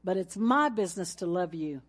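A woman's voice: on the low side, lively intonation, normal speed. A woman pastor, preaching a folksy sermon with announcements and laughter, ending in a fervent prayer.

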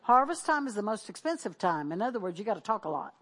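A woman's voice: medium pitch, very animated, fast, a bit bright. A middle-aged woman pastor preaching, exhorting the congregation with call-and-response and repeated declarations. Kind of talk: sermon.

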